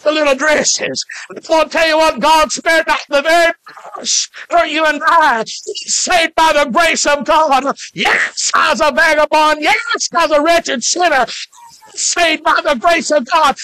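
High, bright shouting preacher. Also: male voice, no room sound. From Alabama, US. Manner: fervent, drawn-out shouting with frequent "uh" fillers. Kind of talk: shouted revival sermon.

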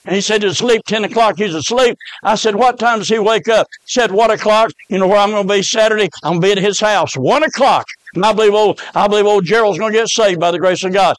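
A middle-aged pastor preaches in a folksy storytelling way, his voice sitting high and climbing further when he shouts. He breaks into amens between the story beats. The sound is dry and close, with little room echo. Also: brisk. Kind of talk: storytelling sermon.

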